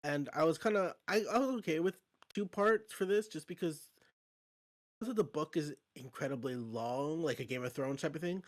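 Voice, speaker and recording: Brief: male podcast host, relaxed and chatty, voice a bit higher than most men. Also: normal speed. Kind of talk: casual chat.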